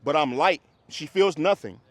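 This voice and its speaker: A man who trains dogs, coaching a group class in a casual, hands-on way, giving quick commands to dogs and explanations to owners. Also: on the high side, animated, no echo. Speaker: dog trainer.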